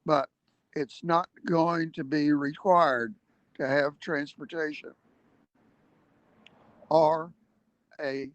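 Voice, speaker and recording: A man's voice: fairly high pitch, fairly even intonation, extremely slow, long pauses, no room sound, muffled recording. A man giving an earnest livestream advocacy talk, explaining step by step with emphatic points and hesitant fillers. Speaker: activist speaker.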